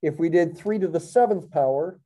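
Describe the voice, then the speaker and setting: Middle-aged male math professor, very dark mellow tone, lecture delivery, corrects himself as he goes. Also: on the high side, normal speed. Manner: thinking aloud, self-correcting, wry asides. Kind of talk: classroom lecture.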